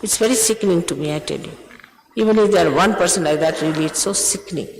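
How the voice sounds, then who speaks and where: A woman's voice: fairly low pitch, quick pace, gravelly, reverberant, long reverb tail, rough recording. An older woman, a spiritual teacher, scolding and urging her followers, emphatic, often repeating herself and laughing between remarks.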